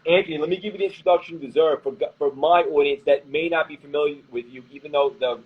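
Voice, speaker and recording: A man's voice: on the high side, fast, highs cut off, slight background noise. A man hosting a casual live video chat, introducing his guest with hyped, effusive praise. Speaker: podcast host.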